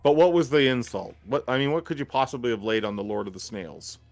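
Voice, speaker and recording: Game master, man, excitable, swears freely. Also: mid-range voice, fast. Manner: excitable, swears when surprised. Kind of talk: running a tabletop game.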